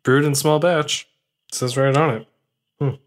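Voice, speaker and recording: A man co-hosting a casual podcast, laid-back and quick to laugh, a little burpy from a foamy beer. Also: fairly high pitch, steady tone. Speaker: podcast co-host. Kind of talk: casual chat.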